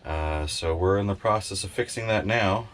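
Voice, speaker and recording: A man talking casually for a vlog in an easygoing, chatty way, pausing with fillers as he goes. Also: deep voice, fairly bright tone. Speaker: vlogger.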